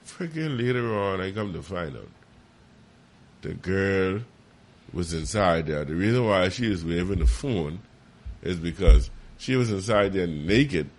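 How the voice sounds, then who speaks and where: A man telling a story in casual chat, animated and profane. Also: unhurried. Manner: animated, profane, jumps high when quoting. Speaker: podcast co-host.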